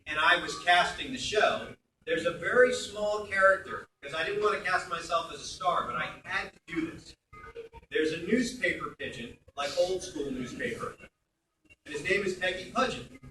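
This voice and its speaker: A middle-aged man from Brooklyn, New York, a voice actor talking at a convention panel Q&A in a chatty, animated way, recorded on a phone in the audience. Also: high voice, moderate pace, recorded from a distance, a little hiss or hum. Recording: echoey hall, phone mic from afar.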